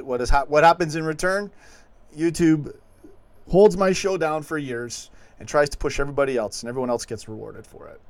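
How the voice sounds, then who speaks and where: A man hosting a late-night fan livestream, rambling and animated as he reads viewer comments. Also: medium pitch. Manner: rambling, animated, chuckling asides. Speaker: host of a fan call-in show.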